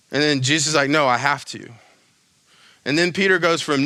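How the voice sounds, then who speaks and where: A young adult man preaching a sermon in a casual, animated way, with slangy asides and quick acted-out lines. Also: high-pitched, no room sound. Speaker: pastor.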